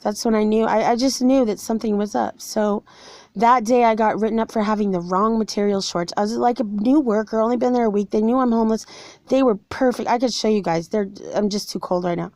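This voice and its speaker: Her voice fairly high, brisk and a little mellow, a forty-year-old woman vlogging from somewhere cold tells viewers in earnest how she was wronged. She sounds aggrieved, and there's no room sound.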